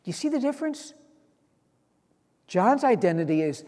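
A man's voice: sits high, sing-song, moderate pace, warm tone, long reverb tail. A man preaching a sermon, earnest, reading out scripture and stressing key lines. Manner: earnest, quoting scripture with rising emphasis.

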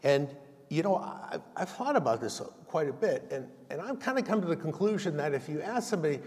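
A man's voice: fairly high pitch, very animated, brisk, darkish tone. Man preaching in an echoing hall. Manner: folksy storytelling, self-deprecating humor. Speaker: lay preacher giving a message. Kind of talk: conversational sermon. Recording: long reverb of a large hall.

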